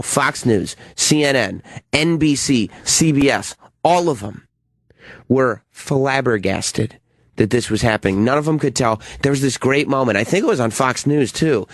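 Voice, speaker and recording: A man's voice: medium pitch, normal speed, no room sound. A man co-hosting a talk radio show, teasing his partner and laughing often. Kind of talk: casual radio banter.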